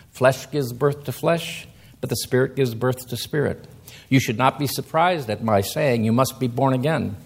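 A man preaching a sermon, reading scripture slowly and then explaining it with emphatic rises in his voice. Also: medium pitch, gravelly, husky.

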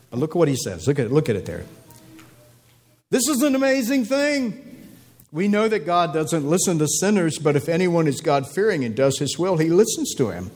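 A man preaching a sermon, emphatic, repeating phrases and climbing in pitch for stress. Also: very animated, moderate pace, a little mellow.

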